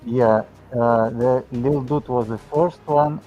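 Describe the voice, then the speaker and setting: A man's voice: medium pitch, steady tone, slow, mellow, lo-fi sound, soft background music. A man running a game as game master on a live stream, giving short, simple directions in slightly broken English. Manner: short, simple instructions with non-native grammar. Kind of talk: casual live-stream chat.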